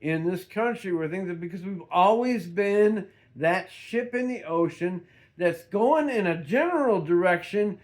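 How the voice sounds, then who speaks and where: A man's voice: high-pitched, expressive, a little slow. A middle-aged man giving an unscripted, rambling vlog monologue, swearing freely and restarting his sentences often. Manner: rambling, profane, with frequent restarts. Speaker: vlogger.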